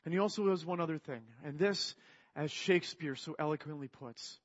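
Man preacher, earnest, fairly high voice, slightly dull recording; soft to emphatic sermon delivery. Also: fairly quick. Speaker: pastor.

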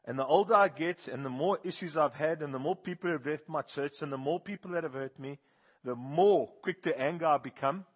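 A man preaching a sermon, telling animated stories and swinging from loud bursts to hushed, slow appeals. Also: fairly high pitch, husky. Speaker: pastor. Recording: dull, muffled sound.

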